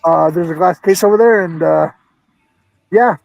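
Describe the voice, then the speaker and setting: Man, high-pitched, out of breath, halting, ums and uhs, video call, collector chat. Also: gravelly, a little mellow, no room sound, rough recording. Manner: hesitant, many uhs and ums. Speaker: toy collector and store owner.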